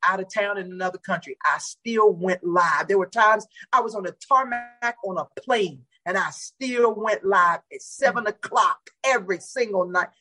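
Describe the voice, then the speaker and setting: Husky, animated woman preacher telling stories. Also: rough recording. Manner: dramatic, acts out the voices in her stories with big pitch leaps. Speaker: pastor and guest. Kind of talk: animated testimony storytelling.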